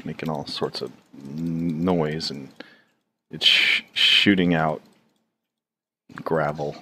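A streamer with a husky bass voice comments casually while drawing on stream, his tone steady yet sharp. He rambles, swears freely and halts often, trailing off into fillers.

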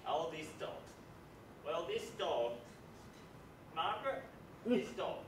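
A man's voice: fairly high pitch, very animated, slow, background noise. A man on stage playing a stammering, shifty working man, recorded from far off in an echoey theatre. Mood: flustered. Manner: stammering, rambling. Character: bumbling shifty working-class handyman. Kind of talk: amateur stage acting.

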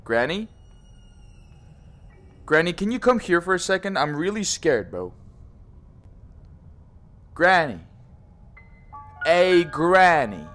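A young man with a somewhat high voice commentates a horror game with jokes and swearing. His pitch swings all over the place as he teases and panics by turns. Faint game music plays behind him. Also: very animated, slow, long pauses, sharp tone. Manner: jokey, swears a lot, teasing, says bro often. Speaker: gaming YouTuber.

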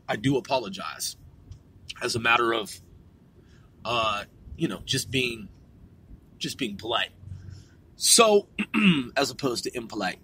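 A middle-aged man from a small country town, talking to his viewers in a slow, deliberate monologue and repeating and rephrasing himself as he goes. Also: fairly high pitch, pushed and bright, slightly rough, rough recording. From a small country town on the West Coast. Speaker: channel host.

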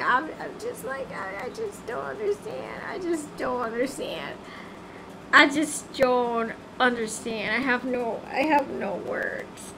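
A woman's voice: sits high, bright, forceful tone, a little hiss or hum. A woman chatting casually on a game livestream, easily flustered and singing snatches of songs.

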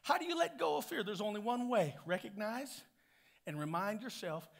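A male pastor preaching a sermon in a call-and-response style, swinging from hushed lines to shouted ones. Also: high voice, lively intonation, moderate pace, creaky.

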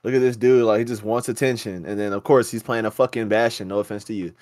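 Young male podcast co-host, rapid profane storyteller, dry booth sound. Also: lowish voice, steady tone, a little mellow, no echo. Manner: profane, fast storytelling with quoted voices. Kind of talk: casual gaming banter.

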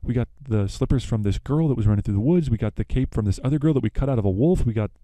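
A man voicing a female baker's wife, listing things off briskly in a near-natural voice. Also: medium pitch, mellow, no echo, lightly acted. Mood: explaining.

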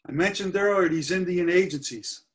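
A man's voice: high-pitched, normal speed. A middle-aged man giving a history lecture over slides, earnest and stressing key points by repeating them. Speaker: history presenter.

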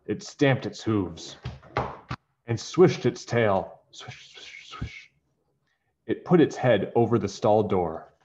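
A man reading a children's picture book aloud, animated and expressive. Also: fairly low pitch. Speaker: storybook reader. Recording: dull lo-fi recording.

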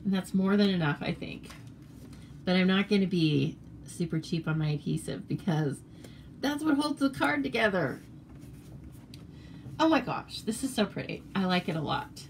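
A woman's voice: fairly low pitch, lively intonation, moderate pace, vocal fry, long pauses, slight background noise. An American woman demonstrating papercraft cards in a casual, chatty tutorial, rambling with fillers and self-corrections.

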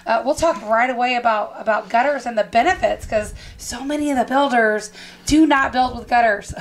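A woman's voice: fairly high pitch, moderate pace, slight background noise. A woman co-hosting a home talk show, asking questions and laughing easily with her guests. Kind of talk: casual radio talk.

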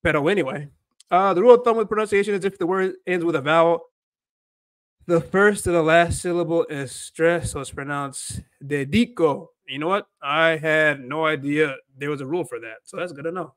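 A man's voice: on the high side, moderate pace, a bit bright, dry recording. A man hosting a casual livestream, talking in a rambling way full of fillers and self-corrections. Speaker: livestream host learning Spanish.

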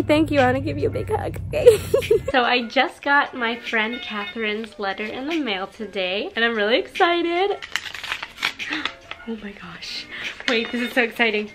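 A young woman vlogging in a casual, gushing, excitable way as she opens letters from friends. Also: fairly high pitch. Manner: gushing, excitable, often gasping and laughing. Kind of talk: casual vlog chat.

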